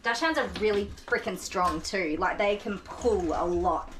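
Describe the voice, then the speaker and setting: A woman's voice: medium pitch, a little slow. An Australian woman grooming dogs on a livestream, chatting casually, coaxing the dogs and often laughing. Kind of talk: casual livestream chat while working. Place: grooming salon. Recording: roomy distant mic with loud noise.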